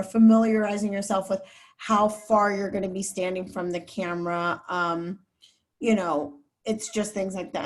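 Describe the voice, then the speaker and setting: A woman TV news reporter speaking as a guest, giving candid, chatty advice to students over a video call, with many fillers. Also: medium pitch. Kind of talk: casual advice talk to students.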